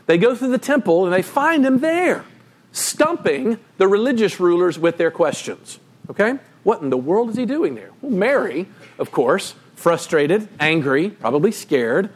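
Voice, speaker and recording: A male pastor delivering a sermon in a high, lively voice that leaps up and down for emphasis. He tells the story with animated, emphatic energy, addressing a congregation directly. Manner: animated, emphatic storytelling with sudden pitch jumps.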